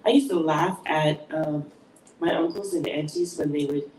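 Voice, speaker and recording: A woman's voice: sits low, lively intonation, moderate pace, a little mellow, distant mic. A woman hosting a casual chat with her daughter as guest. She laughs often and acts out quotes as she tells stories. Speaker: podcast host and mother of the guest. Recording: echoey room from off-mic, faint noise.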